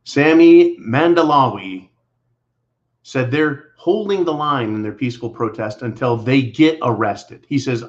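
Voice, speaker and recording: A man's voice: medium pitch, expressive, a little slow. A man hosting a political commentary show, talking in a blunt, combative, sarcastic way. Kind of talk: angry monologue to viewers. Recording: dull lo-fi audio.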